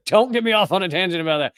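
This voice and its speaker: A man's voice: high-pitched, expressive, fast talker, a bit bright, clean tone, no room sound, studio quality. A man hosting a live political commentary show, speaking indignantly with sarcastic asides.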